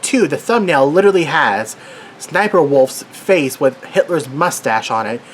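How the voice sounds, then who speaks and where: A man's voice: fairly high pitch, lively intonation, unhurried, a little hiss or hum. A worked-up man giving an angry commentary rant as a vlogger, swearing and exasperated.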